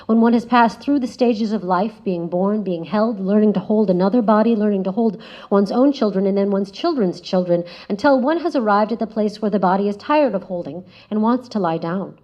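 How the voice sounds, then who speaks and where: A woman giving a prepared spoken essay as a guest speaker, measured and reflective, often letting her phrases trail off softly. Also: medium pitch. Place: lecture room. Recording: slightly dull lo-fi audio.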